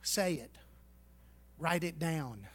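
Male pastor, high voice, folksy teasing sermon, loud to hushed. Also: lively intonation, slow pace.

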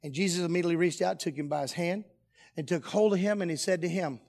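A man preaching a joking, animated sermon that swings between loud and hushed. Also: high-pitched, quick pace.

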